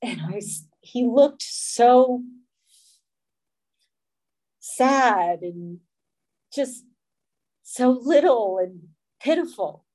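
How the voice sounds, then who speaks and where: A middle-aged woman giving a personal recovery testimony, speaking in an earnest, emotional, halting way. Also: on the high side, expressive, a little mellow.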